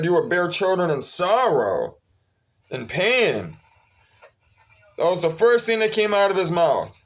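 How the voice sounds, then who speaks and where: A man with a fairly high voice delivers a preachy religious talk. He speaks slowly and drawn out, often repeating his phrases to press a point home. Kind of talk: casual religious monologue.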